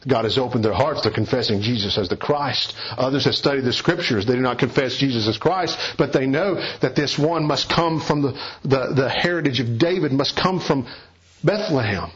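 A man's voice: moderate pace, breathy edge. A man preaching an expository sermon, emphatic, reading scripture aloud and swinging his voice up and down for quoted speech. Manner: emphatic, shifts pitch widely for quoted speech. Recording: dull lo-fi recording.

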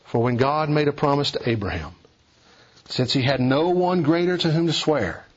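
A man preaching a sermon, emphatic and building to forceful declarations. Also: fairly high pitch, normal speed, lo-fi sound.

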